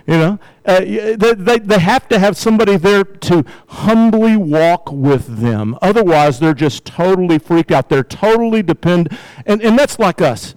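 A man's voice: high voice, animated, moderate pace, darkish tone, clean tone, no echo, rough recording. An older man preaching a casual, conversational sermon to his church, peppering his points with "you know" and "right?" and light chuckles. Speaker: pastor.

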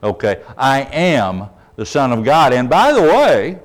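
A man preaching a sermon, emphatic, often checking in with the audience and letting his voice drop soft at the ends of phrases. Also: medium pitch, sing-song, a little slow.

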